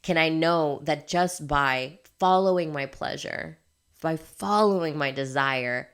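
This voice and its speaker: Low-pitched woman coach, blunt and emphatic, laughs a lot, swears casually. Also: slow, fairly bright tone, clean tone. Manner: candid, emphatic, swears freely, laughs often. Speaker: life coach. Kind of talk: motivational monologue.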